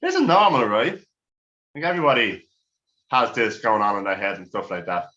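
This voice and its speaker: Crude rambling comic. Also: male voice, fairly low pitch, sing-song, moderate pace, pushed and bright, dull audio. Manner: crude, rambling, self-mocking. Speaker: stand-up comedian. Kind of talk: stand-up routine.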